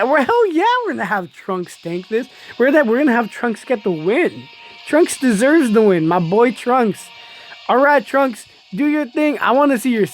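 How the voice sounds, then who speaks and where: A woman giving excitable live commentary on a mobile game, laughing often and talking straight to her viewers. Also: a little high. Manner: chatty, addresses viewers as y'all.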